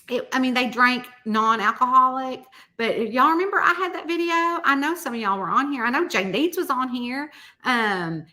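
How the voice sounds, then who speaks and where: A woman's voice: medium pitch, sharp tone. A middle-aged woman, a mystery author chatting casually on a live stream, rambling through folksy stories and reading out viewer comments.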